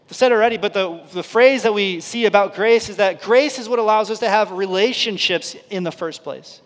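A male pastor preaching a sermon in an earnest, conversational way, his loudness rising and falling sharply. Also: sits high, fairly quick, hardly any pauses. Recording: long reverb of a large hall.

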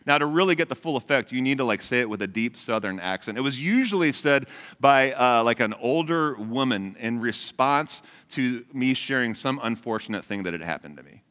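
A man's voice: mid-range voice, expressive, a little fast, fairly bright tone. A man in his forties preaching a sermon in a conversational way, asking the congregation questions. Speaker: pastor. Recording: long hall reverb.

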